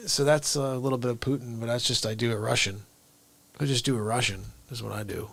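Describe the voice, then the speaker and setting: A man's voice: medium pitch, steady tone, creaky, no room sound. A man hosting a live comedy stream, chatting casually and rambling between impressions, often trailing off into mumbles. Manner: rambling, quick asides, drops to mumbles. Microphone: streaming microphone.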